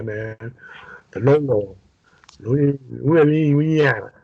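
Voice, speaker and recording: Husky New York man on a call. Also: mid-range voice, moderate pace, a little mellow, dry recording. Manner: chatty and joking, with many fillers. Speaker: Bible study leader. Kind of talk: casual group Bible study. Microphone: video call. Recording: dull video-call audio.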